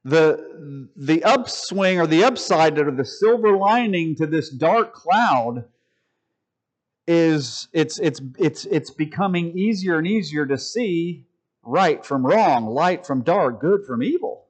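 A man preaching a sermon to a live congregation, calling them folks and stressing key words with long pauses. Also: on the high side, animated. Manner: addresses listeners as folks.

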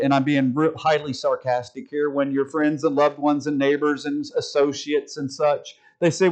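A man preaching a sermon to a live congregation, calling them folks and stressing key words with long pauses. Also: on the high side, steady tone. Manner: addresses listeners as folks.

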